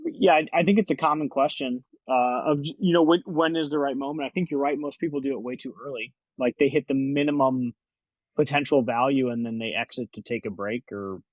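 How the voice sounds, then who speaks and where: A man hosts an interview podcast, asking his questions casually and hesitantly and often rephrasing mid-sentence. His voice sits at an ordinary pitch, and the recording sounds a little dull and dry. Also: fairly quick, no echo. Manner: hesitant, self-correcting, casual phrasing. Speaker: podcast host.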